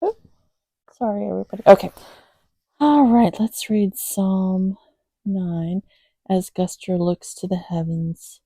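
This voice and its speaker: A woman hosting a channel, chatting gently to her cats and then reading a psalm aloud. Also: medium pitch, steady tone, takes it slowly, long pauses, dry recording. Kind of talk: casual chat then slow Bible reading. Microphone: phone camera, later set down.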